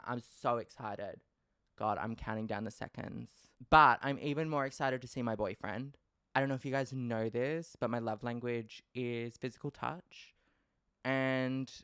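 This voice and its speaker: An Australian man hosting a casual solo podcast, talking in an animated, playfully dramatic way and swearing freely. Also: medium pitch, clear, resonant tone, dry recording, studio quality. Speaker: podcast host.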